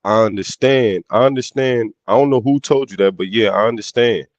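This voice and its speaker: A man's voice: fairly low pitch, brisk, no room sound. A man in a casual podcast debate, talking in street slang and often repeating and restarting his phrases.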